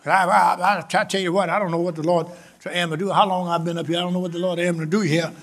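A man in his seventies preaching a sermon in a church, shouting in rhythmic call-and-response and slipping into folksy, joking asides. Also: high voice, little pitch movement, fast.

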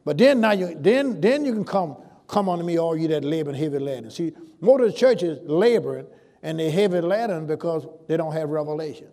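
Preaching man with rising loud swells. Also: on the high side, lively intonation. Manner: preacherly, drawn-out emphasis on scripture with sudden loud swells. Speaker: pastor. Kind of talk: sermon.

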